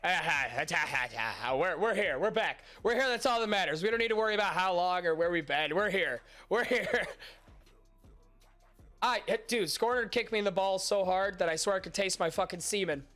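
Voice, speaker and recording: A young man with a high, fairly bright voice hosts a podcast stream at normal speed over soft background music. Stuffy and nasal from allergies, he chats crudely and casually with his chat, joking, mocking himself and swearing a lot.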